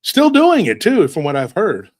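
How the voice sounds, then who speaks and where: Sardonic rambling man, lively pitch. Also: normal speed. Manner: sardonic, rambling, muttering asides. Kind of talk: casual satirical monologue.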